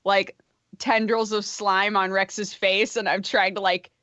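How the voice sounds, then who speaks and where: A woman's voice: medium pitch, little pitch movement, unhurried, fairly bright tone, dry recording, lo-fi sound. A woman playing a tabletop game, talking casually and laughing often. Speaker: player.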